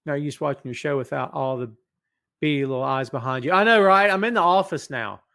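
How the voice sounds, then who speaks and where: A middle-aged man hosting a live wrestling podcast from his office, reading out chat comments in an animated, hyped way. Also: on the high side, a little fast, vocal fry. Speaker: podcast host. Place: home office.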